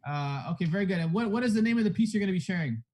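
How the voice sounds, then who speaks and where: A man's voice: high voice, expressive, rapid-fire, a little mellow, a little hiss or hum. A man hosting a live online poetry event over a video call, joking with guests and sprinkling in Arabic phrases. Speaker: host.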